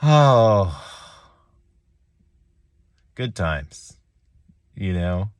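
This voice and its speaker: Wry, self-mocking man, low voice. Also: sing-song, no echo. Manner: wry, laughing at himself, halting restarts. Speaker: chess vlogger. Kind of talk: rambling self-deprecating reflection.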